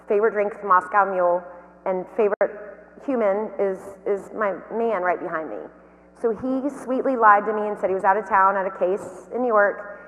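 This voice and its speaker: Woman giving a lively keynote in a reverberant hall. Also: mid-range voice. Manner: lively, anecdotal storytelling. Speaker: keynote speaker and company founder. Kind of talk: motivational keynote talk.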